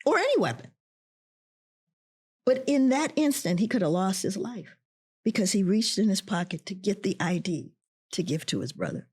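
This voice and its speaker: Guesting on a podcast, a middle-aged professor animatedly relates a personal experience and performs the voices of those involved. She speaks at normal speed in a medium pitch with a breathy edge, leaving long pauses.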